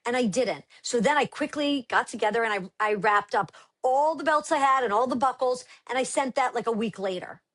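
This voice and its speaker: A middle-aged woman, a brand founder, telling lively stories as a guest on a casual podcast and acting out quotes. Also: a little high, a little fast, few pauses. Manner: animated storyteller acting out quotes.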